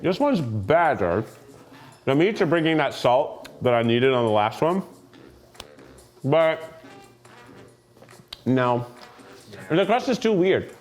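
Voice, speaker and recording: A man's voice: medium pitch, big pitch swings, takes it slowly, long pauses, a little mellow, soft background music. A man from Tennessee hosting a food tasting in an office, joking and reacting playfully as he eats. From Tennessee, USA. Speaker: host.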